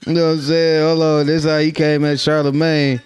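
A man's voice: a little high, little pitch movement, fairly quick, a little mellow, smooth. A man from Minnesota giving casual, laughing, slang-heavy commentary on the news to his viewers. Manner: loose, laughing, slangy street talk. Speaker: commentary vlogger.

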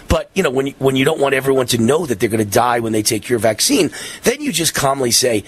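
A man hosting a talk show, giving excitable and passionate political commentary in a ranting manner. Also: medium pitch, a little fast, breathy edge.

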